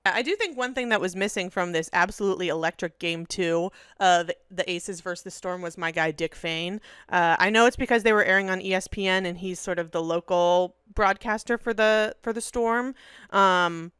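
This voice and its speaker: A woman co-hosting a casual basketball podcast, enthusiastic and a little profane, with quick asides. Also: fairly low pitch, fairly bright tone, smooth, no room sound, clean studio sound. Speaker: podcast co-host. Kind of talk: casual sports chat.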